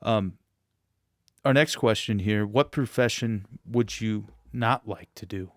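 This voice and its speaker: A man's voice: on the low side, takes it slowly, no echo, clean studio sound. A man hosting a podcast interview in a playful, mock-formal manner. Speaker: podcast host.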